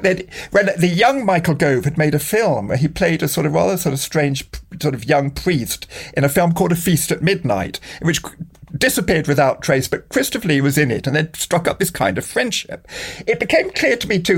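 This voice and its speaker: A middle-aged man with a husky, gravelly voice tells candid stories with dry wit. His pitch swings widely and lively as he talks, often restarting his sentences mid-thought. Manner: wry, candid storytelling with frequent restarts. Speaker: interview guest. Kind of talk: conversational anecdote.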